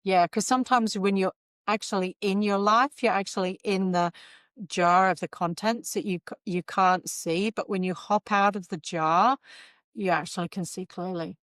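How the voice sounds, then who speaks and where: A middle-aged woman yoga teacher, a podcast guest, talking in a gentle, earnest, reflective way. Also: mid-range voice, fairly even intonation, moderate pace, clean tone, dry recording. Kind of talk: casual interview chat.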